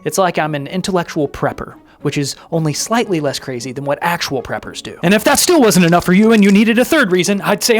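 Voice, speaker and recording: High, lively sarcastic man hosting a comedy video. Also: fast, few pauses, soft background music. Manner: sarcastic and self-deprecating. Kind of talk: scripted comedic monologue.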